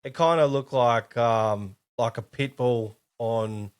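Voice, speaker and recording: A young Australian man, a podcast guest, telling animated stories full of swearing and laughter. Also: medium pitch, slow pace, slight background noise. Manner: animated, profane, laughing storyteller. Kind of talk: casual chat.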